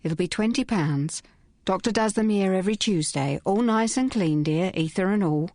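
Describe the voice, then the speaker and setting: A woman's voice: medium pitch, normal speed, warm tone, dry recording, clean studio sound. A woman voicing an older woman on the telephone who sounds sympathetic and then businesslike, calling the caller dear. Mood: smooth, brisk. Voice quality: syrupy, businesslike. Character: older woman abortionist on the phone, falsely sweet.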